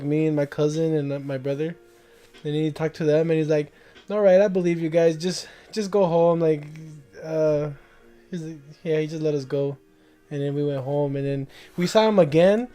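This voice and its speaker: A man's voice: fairly high pitch, steady tone, a little fast, warm tone, faint music behind. A young man casually telling a long, rambling story to friends, laughing as he goes.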